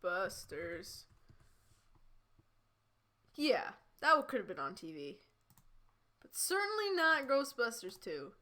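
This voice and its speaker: A woman's voice: fairly high pitch, sing-song, takes it slowly, pauses often, bright, forceful tone. A young woman streaming, reading fanfiction aloud and breaking off into chatty, laughing asides. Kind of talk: casual live-stream reading and commentary.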